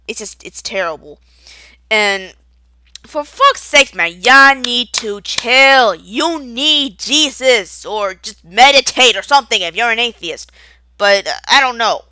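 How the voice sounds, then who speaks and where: Angry young woman, bright and dry. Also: on the high side, no echo. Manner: angry, profane, rambling with stutters and restarts. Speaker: video creator. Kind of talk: unscripted rant to camera.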